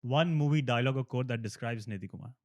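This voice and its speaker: A man with an Indian English accent rattles off interview questions at a very fast clip, playful and teasing. The sound is dry and close, with little room around it. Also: mid-range voice, a little mellow, no room sound, dull audio. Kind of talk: rapid-fire interview questions.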